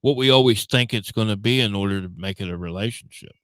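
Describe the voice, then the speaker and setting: A man's voice: lowish voice, fast, a bit bright, no echo. A man co-hosting a casual talk show, mostly agreeing with short replies. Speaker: podcast co-host. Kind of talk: casual chat.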